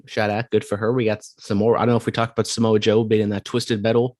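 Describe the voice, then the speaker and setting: A man's voice: lowish voice, little pitch movement, fast, a little mellow, no echo, clean studio sound. A man co-hosting a wrestling podcast in casual chat, with wry, sarcastic asides. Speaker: podcast co-host.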